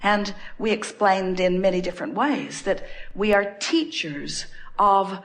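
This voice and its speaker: A woman's voice: medium pitch, measured pace. A woman channeling as a collective "we" in an inspirational spiritual talk, emphatic and repetitive with playful asides. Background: background music.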